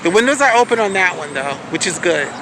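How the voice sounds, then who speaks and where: An adult woman telling a story outdoors on a street corner in a casual vlog, animated, profane and outspoken as she vents. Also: on the low side, fast talker. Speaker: vlogger. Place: outdoors on a city street corner by a bus stop. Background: light street traffic and passing buses.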